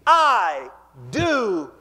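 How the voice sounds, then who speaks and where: A man's voice: high voice, wildly swooping pitch, extremely slow, bright, forceful tone, long reverb tail. A man preaching a sermon as pastor, impassioned and leading the congregation in call-and-response.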